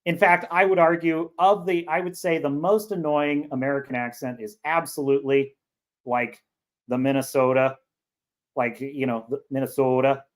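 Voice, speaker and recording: A man's voice: fairly high pitch, fairly even intonation, normal speed. A man from California with a Californian accent talks off the cuff as host of a casual livestream. His commentary rambles and jokes along, with restarts and asides as he reads viewer comments aloud.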